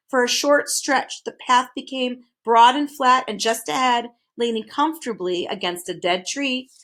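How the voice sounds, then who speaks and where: A woman reads a children's storybook aloud with lots of expression. Her voice is bright and sits a bit high. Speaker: reader.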